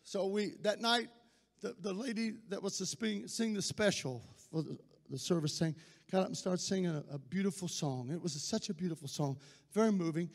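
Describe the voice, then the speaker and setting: High-voiced preacher in a reverberant hall. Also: male voice, brisk. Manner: impassioned preaching that swells into shouting. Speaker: pastor. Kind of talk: sermon.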